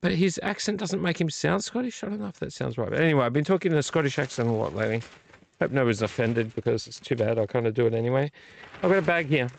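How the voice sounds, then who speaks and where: A man's voice: medium pitch, lively intonation, fast, creaky, a little hiss or hum. A man hosting a casual live stream, chatty and rambling, a bit tipsy from beer. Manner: rambling, chatty, self-deprecating. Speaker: livestream host.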